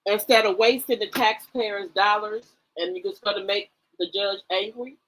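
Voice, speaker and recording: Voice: mid-range voice, a bit bright, a little hiss or hum, poor audio. A speaker with a mid-range voice gives blunt, direct commentary, talking straight to the person on trial. The delivery is casual and repeats its points firmly. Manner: blunt, direct, addresses the defendant.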